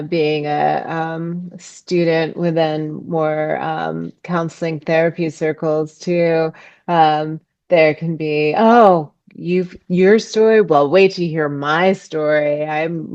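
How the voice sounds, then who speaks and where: Slow, low-voiced thoughtful woman guest. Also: darkish tone, dry recording, highs cut off. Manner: thoughtful, halting, many ums. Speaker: podcast guest, ecopsychology author. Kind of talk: reflective interview conversation.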